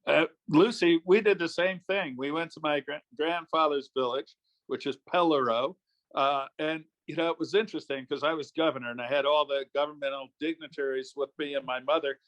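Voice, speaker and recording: A man's voice: a little high, steady tone, brisk, fairly bright tone. Easygoing older man telling stories. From New York State, USA. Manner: easygoing anecdotal, chuckling. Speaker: guest, former politician. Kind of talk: casual interview storytelling.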